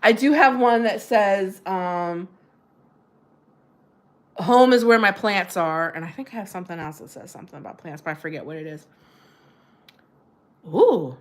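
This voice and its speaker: A woman's voice: mid-range voice, normal speed. A middle-aged woman hosting a casual livestream, chatting and giggling as she answers viewers' comments. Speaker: livestream host.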